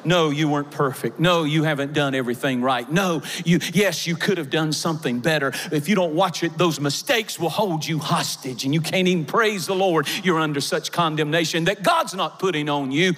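Man, pastor, fervent sermon, high-pitched voice, big echoing church hall. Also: normal speed, hardly any pauses. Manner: impassioned preaching, swelling to shouts. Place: church sanctuary with a congregation. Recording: long reverb of a large hall.

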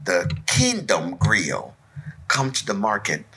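A man from West Africa, co-hosting a podcast in casual chat. His voice is husky and bright, and its pitch swings widely as he tells a tale. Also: slow pace. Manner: animated storyteller, acts out voices and sounds. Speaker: podcast co-host.

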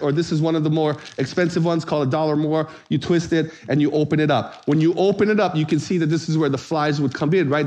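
A man preaching a sermon, telling a comic story and acting out voices. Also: fairly high pitch. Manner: animated storyteller, acts out voices, shouts for comic effect. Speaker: pastor.

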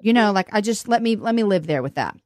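A woman hosting a casual chat, telling a story in an animated, flustered way, often laughing. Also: medium pitch, fast talker, no room sound, studio quality. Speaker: podcast host. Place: log cabin home in the country.

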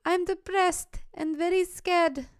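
A woman on a podcast voicing a nervous young woman with an attempted accent, reading out her messages in a high, strained voice. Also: steady tone, slow pace. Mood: pleading.

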